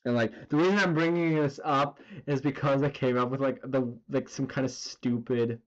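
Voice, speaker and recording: A man's voice: mid-range voice, steady tone, normal speed, muffled recording. A man casually chatting while he draws on a live stream, rambling with lots of fillers and the odd swear word. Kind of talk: casual chat while drawing.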